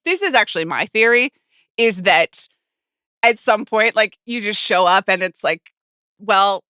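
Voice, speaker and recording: A woman's voice: mid-range voice, normal speed, bright, forceful tone, clear, resonant tone, no echo. A woman hosting a podcast in casual, chatty conversation, agreeing often and thinking aloud. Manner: chatty, agreeable, lots of fillers. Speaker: podcast host. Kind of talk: casual chat.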